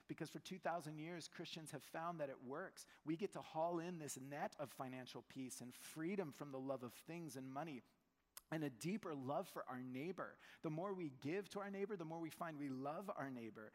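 A man's voice: on the high side, normal speed. Brief: male pastor, conversational sermon, acts out voices, big echoing church hall. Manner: conversational, animated, acts out quotes. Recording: long church hall reverb.

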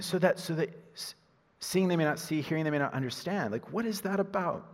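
A man preaching a sermon as a pastor, animated, moving from loud emphasis to hushed asides and laughing at himself. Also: high-pitched, quick pace. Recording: husky voice in a reverberant hall.

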